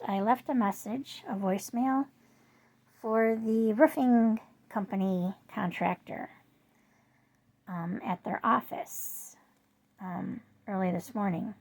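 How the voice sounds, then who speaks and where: A woman, rambling through casual chat to her viewers with lots of fillers, her voice jumping high when she quotes herself. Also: darkish tone. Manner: rambling storyteller with many fillers. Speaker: vlogger.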